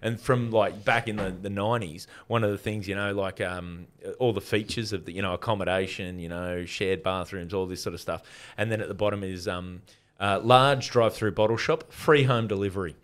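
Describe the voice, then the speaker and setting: Lower-voiced Australian man telling stories. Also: steady tone, fairly quick. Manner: rambling anecdotes, laughs often. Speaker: podcast guest. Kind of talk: casual storytelling chat.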